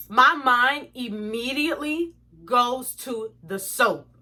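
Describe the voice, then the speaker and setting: A young woman telling an exasperated storytime to her viewers, animated and swearing freely. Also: fairly high pitch, moderate pace. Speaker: vlogger. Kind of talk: storytime vlog.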